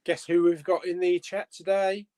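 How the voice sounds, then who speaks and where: High-voiced man hosting a chat. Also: flat delivery, moderate pace, dark tone. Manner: chatty, swears casually, bantering. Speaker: host. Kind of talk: casual chat on a live stream.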